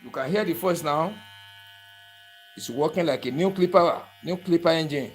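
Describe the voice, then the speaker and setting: Instructor man, a touch high-pitched, patient step-by-step demo that checks in with the viewer constantly. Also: moderate pace, a little hiss or hum. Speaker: barber tool instructor. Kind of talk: hands-on tutorial demonstration.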